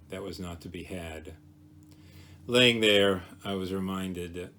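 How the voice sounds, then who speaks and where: A man with a low voice gives a devotional talk as a pastor. He speaks gently and reflectively, slowing down to dwell on each word of a scripture verse.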